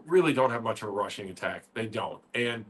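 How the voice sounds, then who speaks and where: A man's voice: fairly low pitch, animated, brisk. A man co-hosting a sports radio show, rattling off points about the game and firing questions, with stammered restarts. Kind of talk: casual sports talk.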